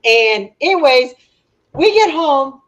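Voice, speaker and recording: High-pitched woman, livestream host, laughing storyteller, dull lo-fi sound. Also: lively intonation, takes it slowly. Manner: laughs often, tells stories loudly. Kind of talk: casual group chat. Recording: dull lo-fi stream audio.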